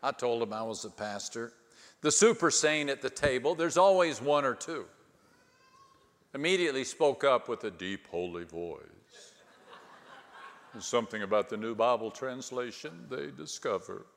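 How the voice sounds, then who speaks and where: A male pastor preaching a storytelling sermon with dry humor, dramatic pauses and swings from hushed to loud. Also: mid-range voice, expressive, vocal fry. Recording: long hall reverb.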